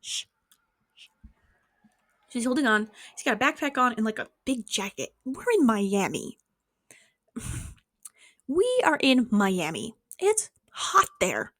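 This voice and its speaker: Animated young woman telling a story in a dry bedroom. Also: slow, pauses often, no echo. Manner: animated, swearing, acting out quotes with big pitch jumps. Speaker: vlogger. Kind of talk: casual storytime vlog.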